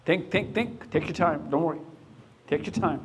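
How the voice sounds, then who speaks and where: A middle-aged man with a somewhat raised pitch gives a live talk to youngsters. He quizzes them and urges them to take their time, then launches into a dramatic story. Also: normal speed. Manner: questioning, coaxing and storytelling. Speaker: speaker.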